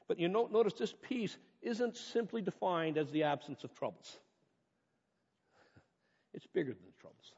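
A man's voice: high-pitched, animated, moderate pace, long pauses, darkish tone, husky. A man preaching a sermon as pastor, earnest and conversational, rising to impassioned peaks, recorded in a church. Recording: reverberant hall, dull muffled sound.

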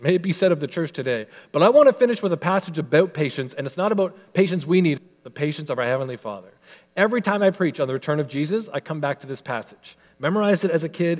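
A man preaching a sermon as a pastor, earnest and emphatic, slowing and softening when he reads scripture. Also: on the high side, long reverb tail.

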